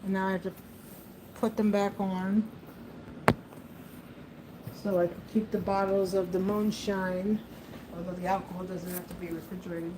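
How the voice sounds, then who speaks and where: A woman's voice: medium pitch, level tone, normal speed, long pauses, noisy background. A woman chatting casually to the camera, rambling, laughing often and talking to her pet. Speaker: vlogger.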